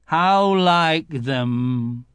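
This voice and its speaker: A man reading a storybook aloud, voicing a gloomy old grey male donkey with a slow, mournful drawl. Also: a little high, animated, fairly bright tone, clean tone, no room sound, exaggerated voice.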